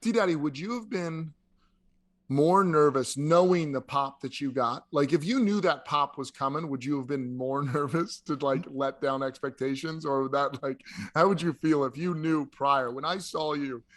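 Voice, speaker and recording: A man's voice: a little high, normal speed. Enthusiastic podcast co-host man. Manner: enthusiastic, filler-heavy. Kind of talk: casual chat.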